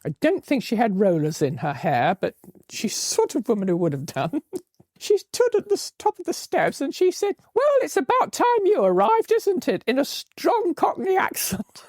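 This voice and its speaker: An older Englishwoman with an English accent, telling travel stories in a lively way, often laughing as she goes. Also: medium pitch, moderate pace, dry recording, studio quality. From England. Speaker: interviewee recalling her travels. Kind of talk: anecdotal storytelling.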